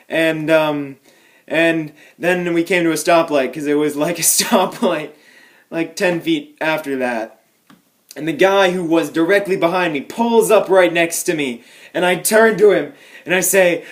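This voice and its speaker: A young man talks straight to the camera from home, spinning a tiny everyday mishap into a mock-tragic tale. His voice sits a little high for a man, and he plays the story with deadpan exaggeration. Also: measured pace. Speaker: vlogger.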